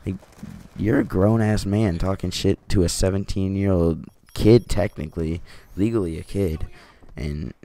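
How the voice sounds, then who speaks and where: A teenage boy vlogging from home tells a rambling, casual story, swearing and saying "like" constantly. His voice is low, gravelly and warm, and he keeps a measured pace.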